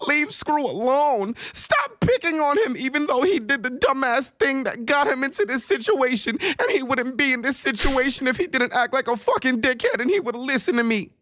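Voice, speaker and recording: A man mimicking a whiny, clingy grown man in a high, mocking voice. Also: very animated, normal speed, few pauses, pushed and bright, no room sound, full character voice. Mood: whining.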